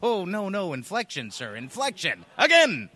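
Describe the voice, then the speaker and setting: A man playing a manic clown king wrestler who giggles, shouts and drops into hushed mutters. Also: high-pitched, wildly swooping pitch, normal speed, dry recording, exaggerated voice. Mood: theatrical. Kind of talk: wrestling promo interview.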